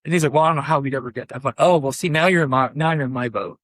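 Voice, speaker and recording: A man's voice: medium pitch, very fast, a bit bright, dry recording. A man, a pastor, giving a conversational workshop talk, animatedly telling stories and acting out both sides of conversations. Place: conference room.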